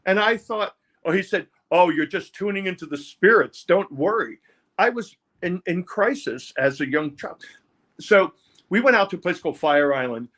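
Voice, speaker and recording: An older man, telling his life story haltingly in an interview, often repeating words. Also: high voice, animated, a bit bright. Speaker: interview guest, music producer. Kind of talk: candid personal storytelling.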